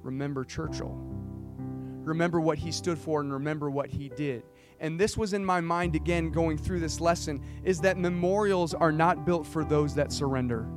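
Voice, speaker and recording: A man's voice: a little high, steady tone, normal speed. A man preaching a sermon in an earnest way, building to emphatic points. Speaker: pastor. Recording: guitar music playing behind. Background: guitar music.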